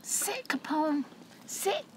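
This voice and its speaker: High, lively woman gushing over dogs. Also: drawn-out words. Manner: coaxing, gushing sing-song at dogs. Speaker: filmmaker running a crowdfunding campaign. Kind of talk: casual on-camera chat.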